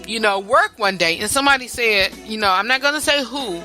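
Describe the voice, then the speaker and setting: A woman hosts a podcast in a casual talk-show monologue, rambling chattily and often repeating herself. Her voice is on the high side, expressive, bright, and forceful, fairly quick, with soft background music.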